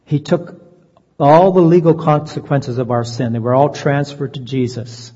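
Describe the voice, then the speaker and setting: Guy preaching a sermon, earnest and slow on the big words, long echo hanging in a big hall. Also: medium pitch, dark tone. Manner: earnest, slows down to stress key phrases. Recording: dull lo-fi sound, long reverb.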